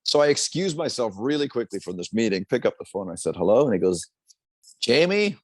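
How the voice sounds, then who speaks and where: A middle-aged sportscaster telling a story in an interview, lively and acting out the quoted voices. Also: male voice, medium pitch, a little fast, dry recording. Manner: animated storyteller, acts out quotes. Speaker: sportscaster guest.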